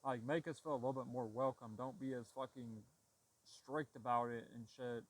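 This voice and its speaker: A man's voice: mid-range voice, fairly even intonation, normal speed, low-quality recording. Frustrated young man ranting, swearing. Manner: heavy swearing, frustrated, rambling with restarts. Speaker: vlogger. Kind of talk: casual storytelling rant.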